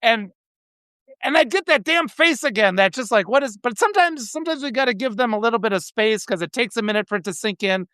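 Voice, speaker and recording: A man's voice: extremely high pitch, lively intonation, fast talker, sharp tone, no echo, clean studio sound. A man hosting a casual live video chat, telling stories in an emotional, rambling way. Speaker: host.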